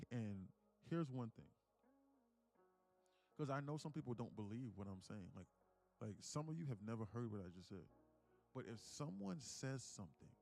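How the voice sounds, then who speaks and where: A man's voice: medium pitch, darkish tone. A man hosting a casual live trading stream, rambling and acting out mock dialogues.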